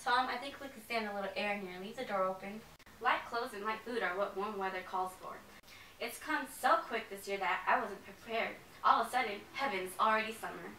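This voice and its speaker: A woman's voice: mid-range voice, a little fast, sharp tone. A young woman playing a fussy, chatty faded Southern belle mother in an amateur play, gushing and rambling in a genteel way. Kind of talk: amateur stage play reading. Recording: echoey room, mic from far off, faint hiss.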